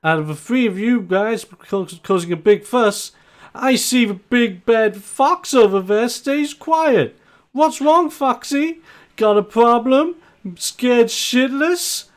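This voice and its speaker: Guy putting on a brash trash-talking wrestler, loud and mocking, pitched way up. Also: animated, takes it slowly, full character voice. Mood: taunting. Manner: loud, taunting, laughing. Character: cocky brash male pro wrestler, mocking bully.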